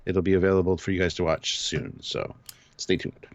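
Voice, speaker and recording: Deep-voiced Canadian man, lo-fi sound. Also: fairly even intonation, normal speed. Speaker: co-host reading chat. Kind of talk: casual live-stream chat.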